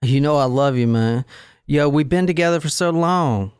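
A podcast host putting on the voice of a stoned young male partier with a drawn-out bro drawl. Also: medium pitch, a little mellow, clear, resonant tone, no room sound, studio quality, natural voice. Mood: stoned, insistent.

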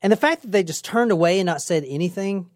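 A young adult woman hosting a casual true crime podcast, telling the story in a lively, chatty way with swearing and acted-out quotes. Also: medium pitch, fast, dry recording, studio quality. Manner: lively, swearing, laughs often, acts out quotes. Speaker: podcast host.

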